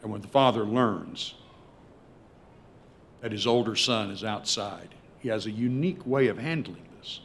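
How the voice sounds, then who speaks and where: A male preacher telling a story in a sermon, swinging between loud emphasis and hushed tones. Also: lowish voice, animated, unhurried, gravelly, slight background noise.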